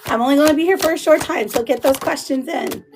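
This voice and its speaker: A woman with a hoarse, laryngitis-worn voice, chatting casually with viewers as she hosts a live tarot reading. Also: high voice, fast talker, over music. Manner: chatty, greets viewers by name, laughs often. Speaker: tarot reader hosting a livestream. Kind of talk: casual livestream chat.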